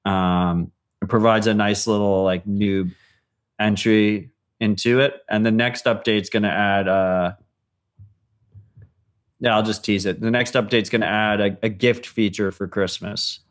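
A man's voice: fairly low pitch, steady tone, a little slow. A man co-hosting a podcast in casual chat, blunt and swearing freely. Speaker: podcast co-host.

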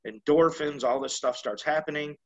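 A man's voice: a little high, moderate pace, a crowd in the background. Man explaining, muffled lo-fi sound. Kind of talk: casual conversational discussion. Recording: slightly dull, lo-fi sound.

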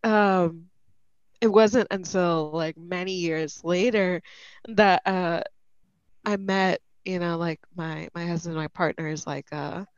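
A woman's voice: on the low side, fairly even intonation, slow pace, clear, resonant tone, dry recording. A woman chatting casually, telling a story with laughter. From Hispanic family background. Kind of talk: casual chat. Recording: dull dry lo-fi.

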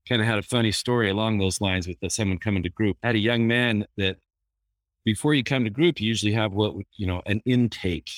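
A therapist chats casually, a man with a somewhat low voice who drifts through anecdotes with easy fillers. The sound is dry and close, with no room around it. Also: fairly quick, no room sound. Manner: easygoing, anecdotal, many fillers. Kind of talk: casual storytelling.

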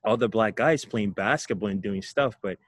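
A man's voice: on the low side, normal speed, a bit bright, no room sound. Young guy from ghana telling his story, laughs a lot, trips over words, dry close sound. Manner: reflective, laughs often, repeats words. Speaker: guest. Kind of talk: casual storytelling interview.

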